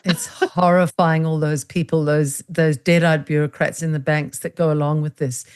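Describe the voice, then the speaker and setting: A woman interview host with a low voice for a woman. She speaks emphatically and turns to address her viewers directly, with an indignant edge to her words. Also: steady tone, moderate pace, darkish tone, clear, resonant tone. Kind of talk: conversational interview.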